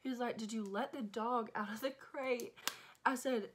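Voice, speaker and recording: A young woman telling a dramatic, animated storytime in a vlog, often checking in with "okay?". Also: on the high side, moderate pace, noisy background. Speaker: vlogger.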